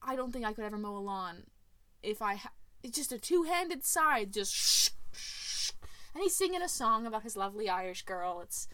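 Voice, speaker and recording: A podcast co-host recaps a film's plot for a friend, animated and laughing often with many fillers. Her medium-pitched voice moves at a moderate pace in a dry recording.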